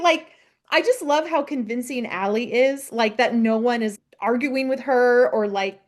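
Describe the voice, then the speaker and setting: High-pitched woman podcast co-host, gushing over an episode, laughs a lot, does little voices for the characters. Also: expressive, moderate pace. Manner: gushing, laughs often, acts out lines from scenes. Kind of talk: casual chat recapping a TV episode.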